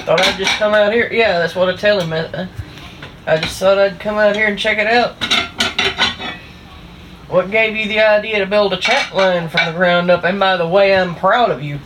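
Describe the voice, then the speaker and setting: An easygoing woman with a Southern US accent tells a story over casual kitchen chat. Her voice sits in a middle pitch. Dishes, pots and pans clatter clearly behind her. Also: fairly even intonation, moderate pace, noisy background. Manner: easygoing storyteller, calls partner honey. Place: home kitchen.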